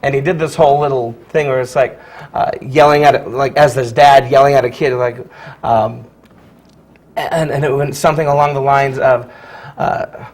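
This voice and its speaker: A man who teaches high school drama, from Virginia, talking casually in an interview with lots of fillers and laughs. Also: steady tone, normal speed, a little mellow, low-quality recording. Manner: chatty, laughs often, many fillers and restarts.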